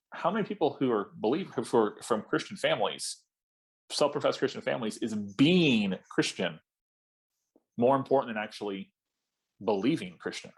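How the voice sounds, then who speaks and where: Husky-voiced pastor telling a story. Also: male voice, on the low side. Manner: storytelling, conversational with frequent fillers and restarts. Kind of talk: speaking to church leaders. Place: event hall.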